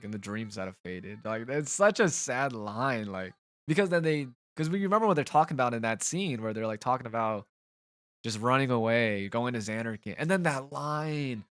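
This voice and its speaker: A man giving let's play commentary in a frustrated, rambling, halting way from a home gaming setup. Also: mid-range voice, a bit bright, clear, resonant tone, no room sound. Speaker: gaming channel host.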